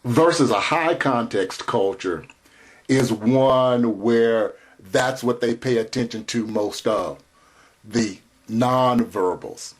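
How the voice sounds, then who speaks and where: A man lectures in a deliberate, unhurried voice, pausing between phrases as if listing points for students. His pitch sits in an ordinary middle range. He sounds middle-aged and steady, like a teacher walking a class through notes. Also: breathy edge. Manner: slow, measured delivery with spelled-out terms. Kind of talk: recorded lecture.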